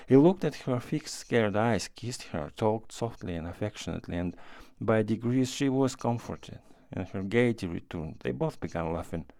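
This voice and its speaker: A man narrating a classic short story as an audiobook, in a measured, unhurried way. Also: fairly low pitch, animated, dark tone, no echo. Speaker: reader.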